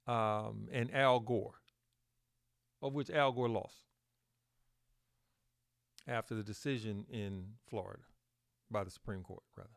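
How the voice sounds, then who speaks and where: A man hosting a solo podcast, talking slowly with fillers and self-corrections, and pushing up on key words for emphasis. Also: fairly low pitch, steady tone, vocal fry. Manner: slow, halting delivery with fillers and self-corrections. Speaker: podcast host.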